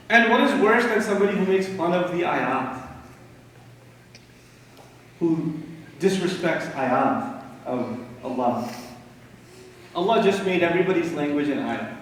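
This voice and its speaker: A man from Pakistan giving an animated religious lecture, emphatic and full of rhetorical questions and dry humor. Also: high-pitched, slight background noise. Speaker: Islamic lecturer. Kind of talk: lecture to a live audience. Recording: echoey hall recording from far off.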